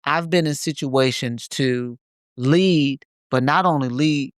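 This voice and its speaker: A man's voice: medium pitch, takes it slowly, no echo. Podcast co-host guy, mid voice, emphatic, repeats himself for punch, dry mic. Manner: emphatic, repeats phrases for stress. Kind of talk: reflective casual conversation.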